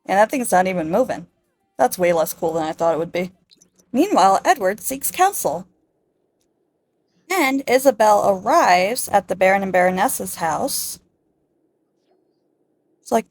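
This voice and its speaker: A woman narrates a life-sim game in a chatty, wry let's-play style. She talks unhurriedly at a middle pitch, into a dry, close mic. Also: expressive, measured pace, pauses often, no room sound. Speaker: gameplay narrator.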